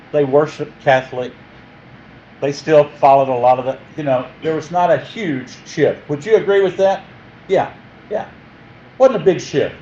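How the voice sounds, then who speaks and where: A man teaching a history class in a jokey, animated way, often quizzing his listeners. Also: a little high, muffled recording, slight background noise.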